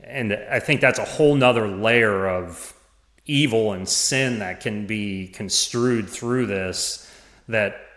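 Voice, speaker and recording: A man talking as a podcast guest, in a halting way with many restarts and small laughs. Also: lowish voice, a bit bright. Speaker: podcast guest, former parish administrator. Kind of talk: casual conversation. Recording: roomy echo.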